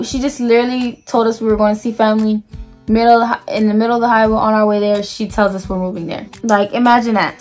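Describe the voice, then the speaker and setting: A young woman from New Jersey telling a personal story in a casual storytime vlog, chatty and full of "like"s and restarts. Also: on the high side. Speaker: vlogger.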